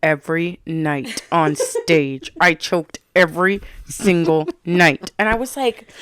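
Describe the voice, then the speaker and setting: A woman's voice: fairly low pitch, slow, a bit bright, a little hiss or hum. A young woman co-hosting a podcast, chatting casually and laughing easily as she tells her stories. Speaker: podcast co-host. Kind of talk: casual chat.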